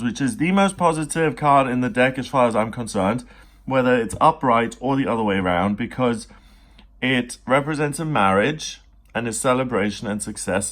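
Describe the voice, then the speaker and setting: A man giving a daily tarot reading in a chatty, animated way, now and then putting on little voices for the figures in the cards. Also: medium pitch. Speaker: tarot reader. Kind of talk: casual spoken tarot reading.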